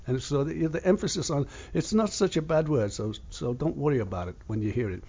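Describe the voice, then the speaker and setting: A husky-voiced older man from England rambles bluntly through his radio show, swearing freely and with no polish. The recording sounds dull and lo-fi, like old radio. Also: on the high side, animated, fairly quick, darkish tone. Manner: profane, gruff and blunt.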